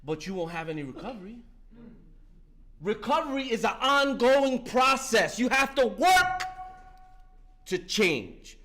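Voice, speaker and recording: A man's voice: very high voice, very animated, a little slow, pauses often, pushed and bright. A man in his fifties giving a fervent, profane share at a recovery meeting, talking street-style and breaking in with "listen" again and again. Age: 50s.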